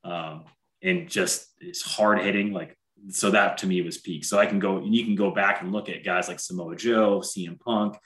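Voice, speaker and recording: A man's voice: low voice, fairly even intonation, normal speed, fairly bright tone. A man in his thirties, a wrestler, chatting casually and telling stories with lots of filler words. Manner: chatty storyteller, heavy on fillers like "like". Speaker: podcast co-host, wrestler. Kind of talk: casual chat.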